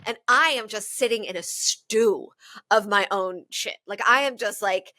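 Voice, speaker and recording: A woman's voice: mid-range voice, normal speed, no echo. A woman guest on a relationship podcast, telling personal stories openly and with animation. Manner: open, animated storytelling with self-deprecating laughs. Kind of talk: candid podcast conversation.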